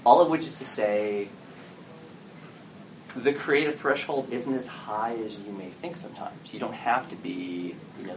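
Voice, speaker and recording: A man giving a casual talk to an audience at an event about story games, speaking animatedly and acting out what players and game masters say. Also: fairly low pitch. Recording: distant mic with clear background noise.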